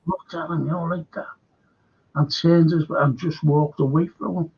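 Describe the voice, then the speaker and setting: An older man hosts a casual chat in a raised, gravelly and husky voice. He talks haltingly, restarting his sentences and filling gaps with "uh" and "you know". The recording sounds dull and lo-fi. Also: fairly high pitch, steady tone. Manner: halting, full of fillers and restarts. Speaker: host.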